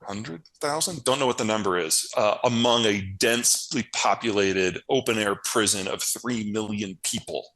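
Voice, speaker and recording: A man with a fairly low voice, speaking plainly and bluntly as an interview guest. He leans on repetition for emphasis, stacking phrase after phrase to drive a point home. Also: normal speed, few pauses, fairly bright tone, low-quality recording. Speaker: guest analyst. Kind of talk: interview answers, casual explanation.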